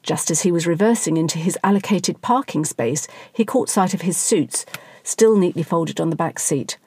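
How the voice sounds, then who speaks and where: A woman reading a satirical story aloud in a wry, dry, measured way. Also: on the low side, a little mellow, slightly rough, no room sound. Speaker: narrator.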